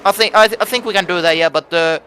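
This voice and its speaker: A Finnish-native man co-commentating a live sim race, hesitant and stammering, quick to laugh. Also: high-pitched, sharp tone, slight background noise.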